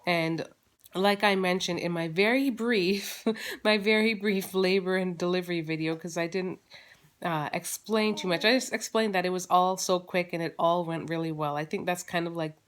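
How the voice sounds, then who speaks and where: A woman's voice: lowish voice, steady tone, moderate pace. A woman in her thirties, a mother and vlogger, chatting casually to camera at home with lots of fillers and restarts. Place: at home, holding her baby.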